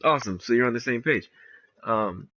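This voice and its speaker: A man's voice: medium pitch, animated, moderate pace, fairly bright tone. A man giving casual, rambling gameplay commentary, laid-back and swearing freely. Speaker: gamer.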